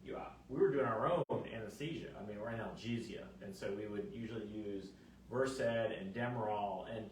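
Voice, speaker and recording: A man's voice: fairly low pitch, a little fast, slight background noise. Chatty fertility doctor in his fifties. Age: 50s. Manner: chatty, animated storyteller with many fillers. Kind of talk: casual chat. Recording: echoey room, mic at a distance.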